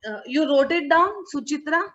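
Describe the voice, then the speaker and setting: A woman's voice: high-pitched, normal speed, fairly bright tone. A woman teaching an online class, patiently repeating words and checking that students follow. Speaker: English teacher. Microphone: video call. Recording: muffled online call audio.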